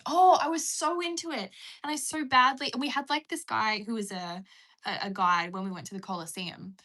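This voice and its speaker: Bright-voiced chatty British young woman. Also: fairly high pitch, steady tone, brisk. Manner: chatty and giggly, coaxing her pet. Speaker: live streamer. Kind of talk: casual live-stream chat.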